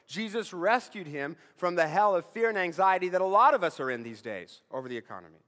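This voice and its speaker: A male pastor preaching a sermon in a conversational way, asking rhetorical questions and swinging between emphatic bursts and low, quiet asides. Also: lively intonation, brisk, hardly any pauses, long reverb tail.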